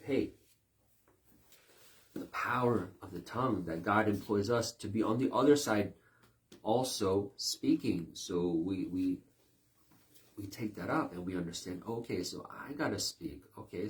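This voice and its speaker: A man preaching a sermon, animated and talking through illustrations with playful asides. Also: low-pitched. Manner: animated, mimics voices in quick asides. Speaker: pastor.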